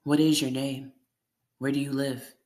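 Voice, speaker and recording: An insistent nurse, read by a narrator, pressing the same questions again and again. She drags out every syllable in a flat, level tone, as if talking to someone who cannot follow. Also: mid-range voice, lightly acted. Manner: slow, over-enunciated questioning. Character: insistent hospital nurse, adult woman.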